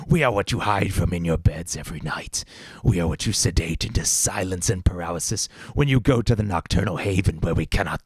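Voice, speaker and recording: A man reading out the lines of a sinister inhuman male test subject in a slow, ominous villain monologue. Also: sits low, darkish tone, husky, no room sound.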